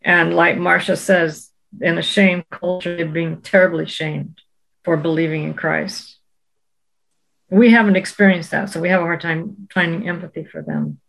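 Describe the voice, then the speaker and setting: A woman's voice: fairly low pitch, fairly even intonation, moderate pace, vocal fry, a bit bright, poor audio. A woman in a Bible study discussion, talking earnestly and reading scripture aloud with emphasis.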